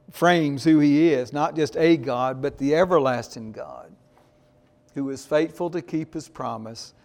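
A man preaching a sermon slowly and emphatically, pausing to ask his congregation "Amen?". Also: a little high, darkish tone. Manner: slow, emphatic preaching with call-and-response "Amen?". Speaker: pastor.

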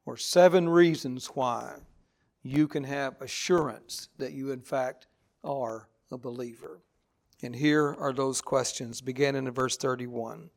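A man's voice: mid-range voice, fairly even intonation, measured pace, creaky. A man preaching a sermon, reading scripture aloud and driving each point home with emphasis. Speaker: pastor.

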